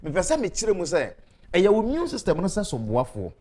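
Man pitching a product on a talk show, a bit higher voice, talks persuasively, spells out numbers slow. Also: wildly swooping pitch, darkish tone. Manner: persuasive, repeats phone numbers slowly. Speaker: guest promoting a health product. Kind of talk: casual talk-show chat, mixing Twi and English.

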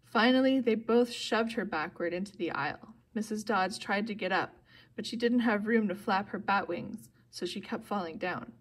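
Woman reading a novel aloud. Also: moderate pace. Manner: reads steadily, voicing characters with louder, higher bursts. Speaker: audiobook reader.

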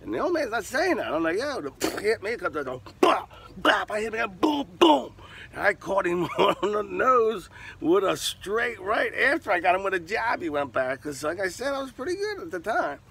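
An older man telling a profane, animated story in an interview, punctuating it with sound effects. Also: sits high, normal speed, vocal fry, slight background noise.

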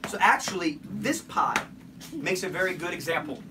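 A man's voice: high voice, sing-song, normal speed. A man teaching a casual Bible lesson in a home kitchen, talking in a playful way with joking asides. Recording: distant mic with noisy background.

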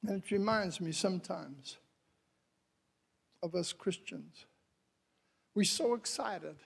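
A man preaching a sermon as a missionary. He talks to the congregation and calls out to them, moves from quiet lines to loud cries, and laughs often. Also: sits high, takes it slowly, gravelly, breathy edge.

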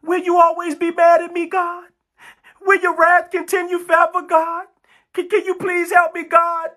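A woman's voice: very high-pitched, completely flat delivery, moderate pace, a bit bright, voice pushed up. A woman preacher voicing a desperate sinner who begs God for help, stammering and pleading.

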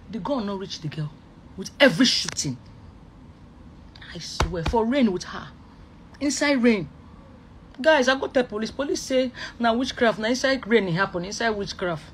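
A speaker with a Nigerian accent delivering an emotional online rant, repeating oaths and phrases and swinging between loud outbursts and low murmurs. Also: a little hiss or hum.

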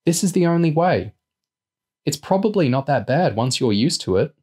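A bossy, short-tempered teenage girl in a storybook reading, voiced noticeably higher by a man. She snaps orders fiercely and sounds sure of herself, a touch louder than the narration. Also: very animated, normal speed.

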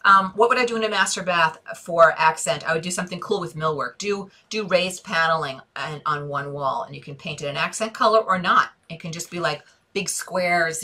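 Middle-aged female host, bright and forceful, lowish voice, chatty live-stream design chat, answers viewer comments. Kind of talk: casual Facebook Live chat. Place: home office desk.

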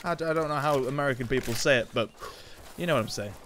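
A young man chatting excitedly through gameplay, joking and laughing at his own lines. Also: mid-range voice, rapid-fire, slight background noise. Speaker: gaming YouTuber. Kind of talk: casual gameplay commentary.

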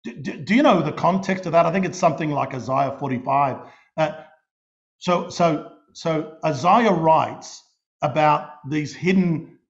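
A middle-aged Australian man preaching a sermon, telling stories in an animated way and often restarting and repeating his words. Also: on the high side, measured pace. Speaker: pastor. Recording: dull lo-fi recording.

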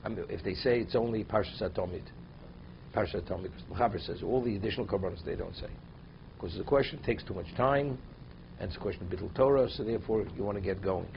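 A man's voice: lowish voice, fast talker, vocal fry, lo-fi sound, slight background noise. Man teaching a text-based halacha class. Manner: reads Hebrew text aloud, then explains it in English. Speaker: Torah teacher.

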